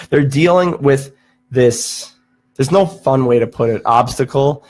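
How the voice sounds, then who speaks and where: A man's voice: mid-range voice, slow pace, a little mellow. A man hosts a casual podcast chat in a mid-range voice. He hesitates often and searches aloud for the right word before going on. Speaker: podcast host.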